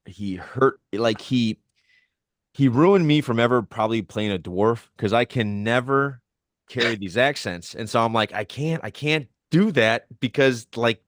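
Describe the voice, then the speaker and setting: A man's voice: mid-range voice, a little slow, no room sound, studio quality. A man in casual podcast chat, joking at his own expense.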